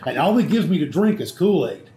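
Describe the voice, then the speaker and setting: A man telling a profane story in lively casual chat. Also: on the high side, a little fast. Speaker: show regular. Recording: echoey room with faint background noise.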